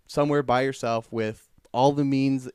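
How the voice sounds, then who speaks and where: A man's voice: medium pitch, steady tone, moderate pace, a little mellow, clear, resonant tone, no room sound. A young man hosting a casual podcast from a bedroom studio, easygoing and rambling. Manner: easygoing, rambling, laughs often. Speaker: podcast host. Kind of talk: casual chat.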